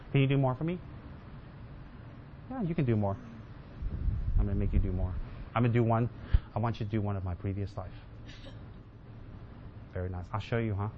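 A man's voice: lowish voice, lo-fi sound, a little hiss or hum. A man giving a humorous Dharma talk as a Buddhist teacher, joking with and teasing his listeners and mimicking his students.

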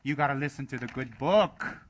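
A man putting on the voice of a hellfire-preaching male televangelist, loud and drawn-out as he threatens damnation. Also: medium pitch, slight background noise, pitched above the performer's own voice, close to an everyday voice. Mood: threatening.

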